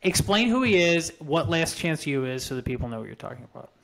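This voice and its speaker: A man co-hosting a casual sports podcast, calmly prompting and reacting with dry comments. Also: a little high, fast talker, vocal fry. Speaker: podcast co-host.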